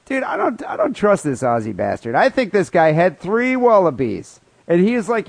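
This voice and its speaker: A man's voice: high-pitched, wildly swooping pitch, moderate pace, gravelly, few pauses, no echo. A man co-hosting a comedy podcast, telling a news story in crude, profane banter with mock outrage. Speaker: podcast co-host.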